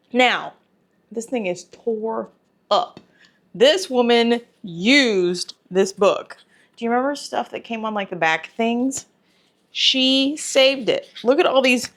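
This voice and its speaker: A woman, chatting to camera as a home cooking vlogger, talkative and sentimental, her voice going soft when she is moved. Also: on the high side. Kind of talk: casual talk to camera.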